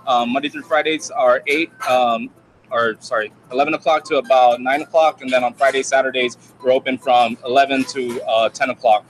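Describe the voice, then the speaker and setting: A man's voice: medium pitch, steady tone, a little fast, a little hiss or hum, rough recording. A man, a chef, casually walking through a dish step by step, a bit hesitant. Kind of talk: casual cooking demonstration.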